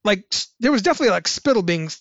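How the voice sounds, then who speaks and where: A man's voice: sits high, animated, racing, a bit bright, dry recording, dull audio. A man, a musician, telling rambling casual stories with lots of fillers and restarts. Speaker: musician guest on a podcast. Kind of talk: casual anecdotal storytelling.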